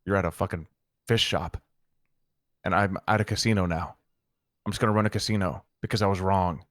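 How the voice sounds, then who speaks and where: A man's voice: sits low, fairly even intonation, a little fast, a bit bright, no echo, studio quality. A man in character in an online roleplay, telling a heated, profane story to a friend. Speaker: roleplay gang member recounting events.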